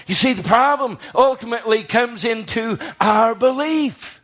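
A man's voice: sits high, animated, moderate pace, few pauses, a bit bright. A man preaching a sermon in a church, rising to fervent passages and putting questions to his congregation.

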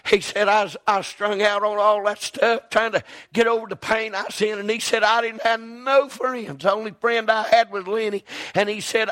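A middle-aged preacher with a drawl and a strikingly high voice. He delivers his sermon with fervor, repeating phrases in a rolling rhythm and climbing into shouts. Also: fairly even intonation, normal speed. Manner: fervent, rising into shouts with rhythmic repetition.

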